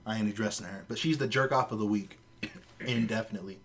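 A man co-hosting a casual podcast, telling a story in a lively, profane way. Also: fairly low pitch, fast talker. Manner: animated storyteller, swears freely. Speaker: podcast co-host.

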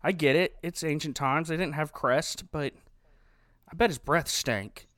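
A man's voice: a little high, measured pace, fairly bright tone, no echo, clean studio sound. A man co-hosting a podcast, reviewing a movie in a sarcastic, joking way. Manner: sarcastic, joking, often laughing. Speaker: podcast co-host. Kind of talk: casual movie-review chat.

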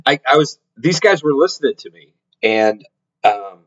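A man's voice: medium pitch, expressive, moderate pace. Rambling middle-aged man, many restarts. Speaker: podcast host. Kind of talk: casual storytelling monologue. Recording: slightly dull lo-fi audio.

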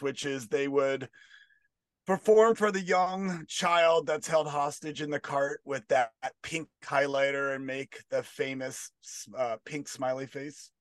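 Man, stand-up comedy bit, deadpan, rambling asides, fairly high voice, dry close sound. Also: a little slow, dry recording.

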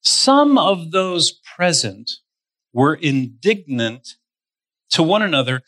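A man's voice: a little high, sing-song, slow pace, fairly bright tone, dry recording. A man preaching a sermon as pastor. He speaks straight to his listeners and stretches his stressed words. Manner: addresses listeners directly.

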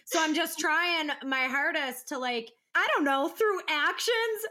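A young woman co-hosting a podcast in casual chat, telling animated stories and acting out her toddler's voice. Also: high voice, measured pace. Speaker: podcast co-host.

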